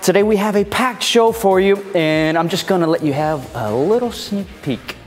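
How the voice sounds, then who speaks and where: A man's voice: high voice, expressive, normal speed, in a large hall, soft background music. A man hosting a comedy show with a playful, theatrical, mock-indignant delivery. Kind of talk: comedic scripted presentation.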